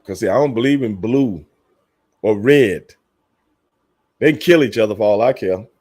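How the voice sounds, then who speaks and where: A man who used to wrestle hosts a casual livestream in a fairly low, husky voice with a darkish tone at normal speed. He laughs frequently and speaks bluntly and profanely to viewers, naming them as he goes.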